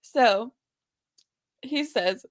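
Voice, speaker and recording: Giggly woman doing lively reaction commentary. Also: a little high, extremely slow. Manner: amused, incredulous, giggly asides. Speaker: commentary channel host.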